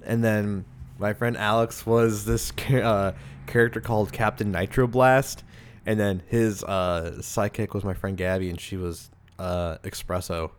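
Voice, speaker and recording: Rambling young man, lowish voice. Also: fairly even intonation, measured pace, clear, resonant tone. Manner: loose, rambling, many "like"s and restarts. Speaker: podcast host. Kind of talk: casual chat.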